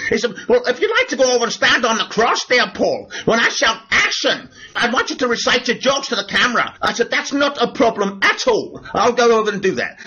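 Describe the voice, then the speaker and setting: A man's voice: very high-pitched, bright, forceful tone, husky. A British man telling an anecdote on his vlog, chatty and often laughing through his words. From Britain. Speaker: actor and vlogger. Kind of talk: storytelling vlog. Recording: dull lo-fi sound.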